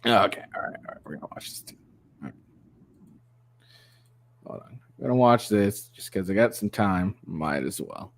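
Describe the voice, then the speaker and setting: A man's voice: fairly low pitch, expressive, normal speed, long pauses. A man hosting a casual reaction video, mocking the clip with profanity, lots of fillers, and bursts of laughter. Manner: crude, mocking, giggly, rambling. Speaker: commentary channel host.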